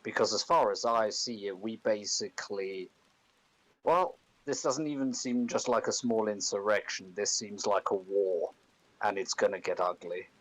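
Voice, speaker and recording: A man's voice: fairly low pitch, moderate pace, fairly bright tone, poor audio. A man talking as a player in a tabletop game, thoughtful and reasoning aloud. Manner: thoughtful, speaking in long reasoned runs. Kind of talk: tabletop role-play table talk.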